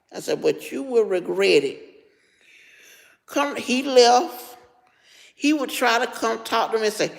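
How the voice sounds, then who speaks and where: A woman's voice: medium pitch, vocal fry, big-room sound. A middle-aged woman, frankly telling a personal story on a live stream and greeting viewers as she goes. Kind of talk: casual storytelling to live chat.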